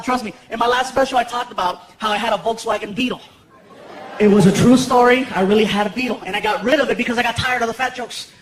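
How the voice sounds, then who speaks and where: A man from Los Angeles telling stories on stage in an animated stand-up set, acting out voices. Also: extremely high pitch, background noise. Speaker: stand-up comedian. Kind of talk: stand-up comedy storytelling. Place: large comedy theater. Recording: roomy hall, loud audience laughter.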